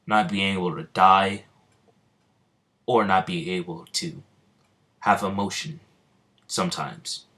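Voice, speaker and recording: A man's voice: deep voice, fairly even intonation, takes it slowly, pauses often, pushed and bright. A young man improvising a fan story casually, rambling with many ums and restarts.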